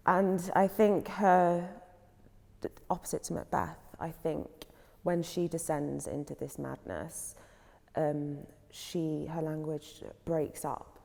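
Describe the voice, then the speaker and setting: British actress, low gravelly voice, slow and halting, hall echo. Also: female voice, flat delivery, a little mellow. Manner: thoughtful, with halting restarts. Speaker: actor. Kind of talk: discussing a play. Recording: roomy hall reverb.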